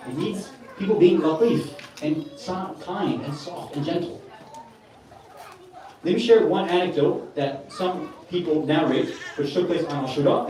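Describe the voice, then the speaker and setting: A man's voice: fairly high pitch, a little mellow. A man giving an earnest, conversational sermon at a religious gathering, mixing in Arabic religious terms. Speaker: speaker at a Muharram gathering. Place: large hall with a gathering. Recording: echoey hall, from far off.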